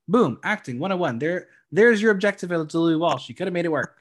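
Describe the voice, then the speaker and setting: Lively podcast host telling a story. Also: mid-range voice, fairly quick, hardly any pauses. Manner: animated storytelling, dramatic exclamations. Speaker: podcast co-host recapping episodes. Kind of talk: casual chat.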